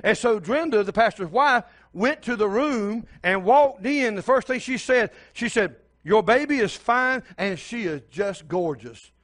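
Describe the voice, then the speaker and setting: A man's voice: very high-pitched, expressive, measured pace, few pauses, a bit bright. An older man preaching a sermon as pastor, telling a story and speaking straight to the congregation.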